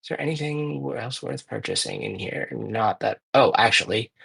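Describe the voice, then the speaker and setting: A man's voice: mid-range voice, wildly swooping pitch, normal speed, vocal fry, a bit bright, husky. A man streaming a speedrun, chatting casually and thinking aloud as he plays, often correcting himself. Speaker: speedrunner playing live. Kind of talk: casual commentary while playing.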